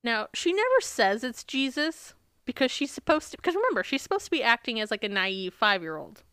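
A woman's voice: fairly high pitch, very animated, fairly quick, fairly bright tone, clean tone, no echo, studio quality. A young woman co-hosting a casual podcast, retelling a book in a chatty way with lots of fillers. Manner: chatty, many fillers, laughs often. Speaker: podcast co-host.

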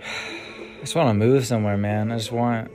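A man's voice: fairly low pitch, steady tone, moderate pace, a little mellow. A young man hosting his own solo podcast, musing casually and trailing off with frequent ums and sighs. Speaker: podcast host. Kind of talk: rambling solo podcast monologue. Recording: music playing behind the voice.

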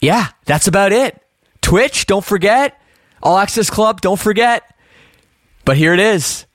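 Chatty Canadian podcast host. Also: male voice, sits high, lively intonation, unhurried, a bit bright, no room sound. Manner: chatty, upbeat plugs. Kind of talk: casual podcast chat.

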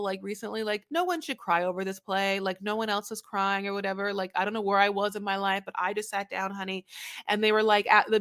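Recapping with her co-host, this woman talks casually and brings scenes to life by dramatically imitating the people she quotes. She has a medium-pitched, fairly bright voice.

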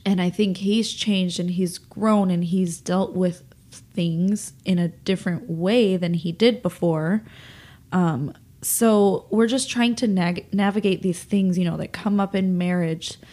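A woman's voice: fairly low pitch, a little slow, dark tone. A young woman speaks on her own podcast, her voice nasal from holding back tears. She rambles in a confessional way, full of fillers and restarts as she works through her feelings. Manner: emotional, rambling, many fillers. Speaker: podcast host.

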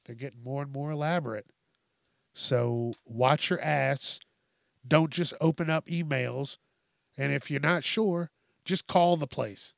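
A man's voice: mid-range voice, a little slow, creaky, no room sound, clean studio sound. A man hosting a podcast, ranting casually and comically, swearing a lot and laughing between lines. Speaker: podcast host. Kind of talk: casual comedic rant.

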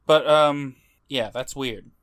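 A man's voice: medium pitch, slow pace, a bit bright, clear, resonant tone. A man co-hosts a podcast in loose, casual chat. He pokes fun at what he watched, with dry jokes and easy laughter. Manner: wry and mocking, laughs often. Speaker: podcast co-host.

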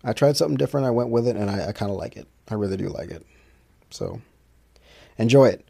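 A man with a lowish voice and a mellow, dark tone talks casually to his listeners. He rambles loosely and restarts his sentences often. He uses plenty of fillers as he goes. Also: animated, quick pace, vocal fry, husky. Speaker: independent musician hosting his own podcast. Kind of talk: casual solo monologue.

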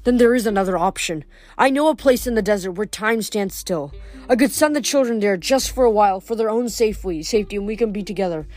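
A woman's voice: mid-range voice, quick pace, a little mellow, close to an everyday voice. A woman voicing a grieving, wrathful male god of the dead in a storybook reading, growling and bitter, with faint music behind. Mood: pleading.

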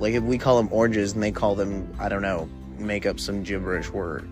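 A young man with a low voice hosts his own podcast, rambling loosely from one thought to the next while stoned. His talk is casual and full of filler words. Faint music plays underneath. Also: steady tone, fast talker, hardly any pauses. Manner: rambling and laid-back, heavy on filler words. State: high from smoking weed. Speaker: podcast host. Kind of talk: casual solo podcast monologue.

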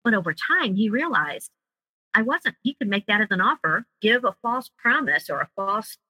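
A woman's voice: medium pitch, very animated, moderate pace, pushed and bright, slightly rough, no room sound, rough recording. A woman, a guest, earnestly telling a personal story in an interview.

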